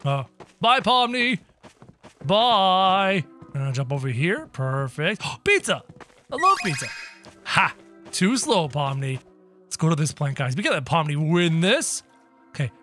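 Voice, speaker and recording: A man doing excitable, jokey let's-play commentary, talking to his viewers as he plays. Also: a little high, unhurried, soft background music. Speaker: gaming commentator.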